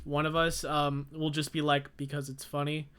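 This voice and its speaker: Bright-voiced young man teasing his friend. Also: fairly high pitch, normal speed, clean tone. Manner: animated, teasing storyteller. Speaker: podcast co-host. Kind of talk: casual chat.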